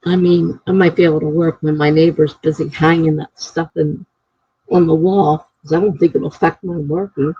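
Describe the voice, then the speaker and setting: A woman writer chatting casually on her live stream, rambling and thinking out loud. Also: deep voice, fairly even intonation, normal speed, husky, no room sound. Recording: dry, slightly dull lo-fi mic.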